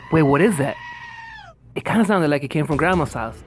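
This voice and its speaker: A woman doing an urgent lowered-voice woodsman. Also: lively intonation, fairly quick. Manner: urgent, breathless shouting. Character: brave woodsman rescuer with a gun. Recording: distant mic with music.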